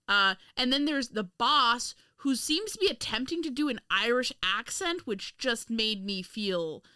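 Woman, casual podcast chat, sarcastic and animated, bright tone. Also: on the high side, a little slow, clean tone, no echo, studio quality. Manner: animated, sarcastic, laughs often. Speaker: podcast co-host.

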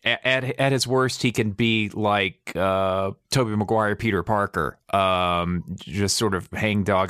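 A man speaks on a podcast panel in a measured, thoughtful way, pausing often on ums. His voice sits a little low. The sound is dry and close. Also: fairly bright tone, smooth, no echo. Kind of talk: casual chat.

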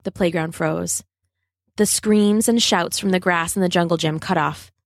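A woman reading a children's adventure story aloud, steady and dramatic. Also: lowish voice, moderate pace, dry recording, studio quality.

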